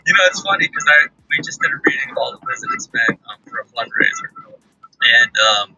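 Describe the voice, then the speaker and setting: A man's voice: a little high, wildly swooping pitch, fast, music in the background, low-quality recording. A man being interviewed as an actor guest, laughing often and restarting his sentences. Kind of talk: talk-show interview chat.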